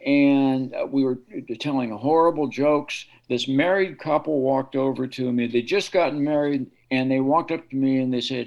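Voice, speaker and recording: Gravelly guy telling old band stories, acts out the voices, loose and chatty. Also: mid-range voice, moderate pace, low-quality recording. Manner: animated storyteller, acts out quoted voices. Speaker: guest guitarist. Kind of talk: casual storytelling interview.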